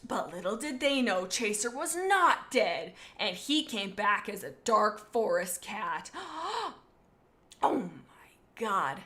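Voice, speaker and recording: A woman's voice: mid-range voice, lively intonation, measured pace, few pauses, sharp tone. A woman reading fan fiction aloud as host, with goofy, playfully sarcastic asides. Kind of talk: comedic reading with commentary.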